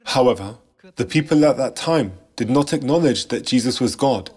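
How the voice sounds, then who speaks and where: A man reading a scripted sermon narration in a measured, solemn way, posing rhetorical questions. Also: medium pitch, animated, darkish tone, breathy edge. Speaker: church narrator.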